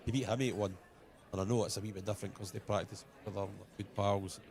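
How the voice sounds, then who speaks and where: A man's voice: lowish voice, steady tone, fast, a little mellow. A Scottish man commentating live on a pool match, chatting colloquially and telling anecdotes.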